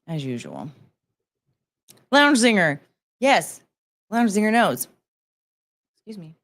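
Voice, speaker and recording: A woman's voice: mid-range voice, sing-song, takes it slowly. A woman hosting her own livestream, chatting casually and greeting viewers by name with sing-song asides. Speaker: livestream host.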